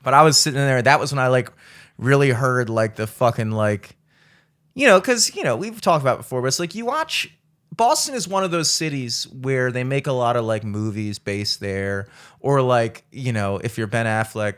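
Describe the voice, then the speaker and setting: A young adult man co-hosting a podcast in casual chat, with a medium-pitched, everyday voice. He tells a rambling story, swears freely, and breaks into frequent laughter. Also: animated, normal speed, fairly bright tone, clear, resonant tone. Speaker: podcast co-host.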